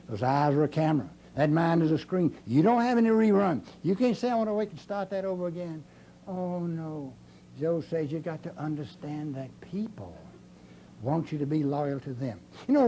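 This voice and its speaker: Old guy preaching success to a room, folksy, hammers his points, soft mellow voice. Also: high-pitched, slight background noise. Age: older. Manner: folksy, emphatic, repeats key phrases. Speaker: motivational speaker. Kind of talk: motivational speech to a live audience. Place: speaking to an audience in a room.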